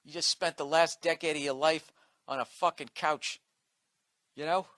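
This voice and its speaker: A man's voice: on the high side, steady tone, moderate pace, fairly bright tone, dry recording. A man doing a profane comic rant with mocking asides. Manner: profane ranting, mocking impressions. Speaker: comedian. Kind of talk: podcast rant.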